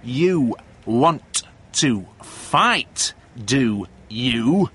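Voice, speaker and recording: A man voicing a jealous young bully in a read-aloud story, speaking slowly and threateningly. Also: medium pitch, fairly bright tone, lightly acted. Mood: menacing.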